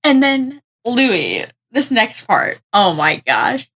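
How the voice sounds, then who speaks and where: A woman with a bright, crisp tone recaps anime episodes in a relaxed podcast chat. She tells the story eagerly, stumbling over repeated words as she goes. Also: fairly high pitch, slow. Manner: lively storytelling with repeated "like" and restarts. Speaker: podcast co-host.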